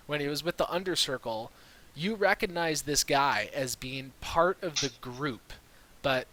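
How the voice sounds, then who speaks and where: Unhurried man running a tabletop game. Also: medium pitch, low-quality recording. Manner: relaxed, filler-heavy storytelling. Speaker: dungeon master. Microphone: USB mic on a video call.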